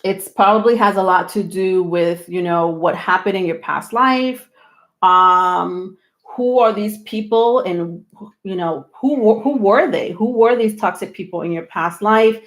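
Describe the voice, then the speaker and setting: Woman, live-stream host, slightly breathless, rambling casual talk, filler-heavy, medium pitch. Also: unhurried. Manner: rambling, many ums and restarts, laughs often. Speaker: tarot reader hosting a live stream.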